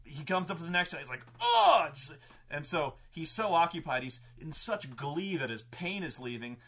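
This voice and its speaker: Guy retelling his tabletop campaign, sharp bright voice, swears a lot, keeps restarting. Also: on the high side, moderate pace, breathy edge. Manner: excitable, profane, frequent restarts. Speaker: game master and host. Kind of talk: animated tabletop storytelling.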